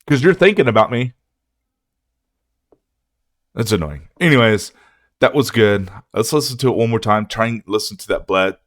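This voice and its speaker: A man's voice: lowish voice, lively intonation, moderate pace, long pauses, dry recording, studio quality. A man hosting a music reaction video, ranting in a casual, profane way.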